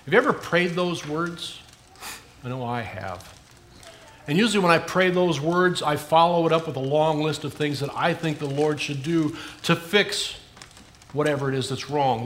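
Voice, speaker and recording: Earnest male preacher, soft emphatic drops. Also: fairly high pitch, normal speed, a little hiss or hum. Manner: earnest, rising for emphasis then dropping soft. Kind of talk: sermon.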